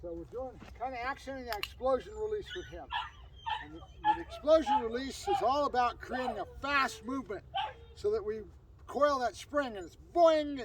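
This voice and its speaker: Animated dog trainer, distant and noisy. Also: male voice, very high voice. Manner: coaching a dog with quick praise and explanations. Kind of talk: casual training demonstration. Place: outdoors on a property.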